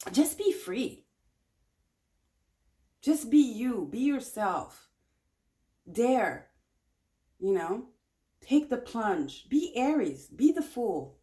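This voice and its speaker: A woman's voice: mid-range voice, darkish tone. A woman giving a casual pick-a-card tarot reading, chatty and encouraging, often repeating her phrases. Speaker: tarot reader.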